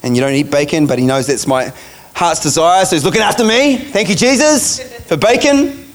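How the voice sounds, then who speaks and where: High-voiced preacher telling a story. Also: male voice, brisk. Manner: casual, chatty, laughs through the story. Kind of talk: sermon storytelling.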